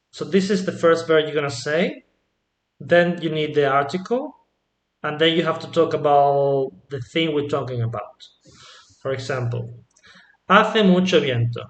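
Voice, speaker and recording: Easygoing male teacher, roomy sound. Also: on the high side. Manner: relaxed, prompts often with 'yeah?' and 'ujú'. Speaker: Spanish teacher. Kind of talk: casual online language lesson.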